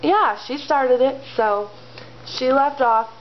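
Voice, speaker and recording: A woman's voice: sits high, slow pace, slight background noise. A woman vlogger casually retelling a story, rambling and chatty, full of fillers. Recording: slightly dull lo-fi home video audio.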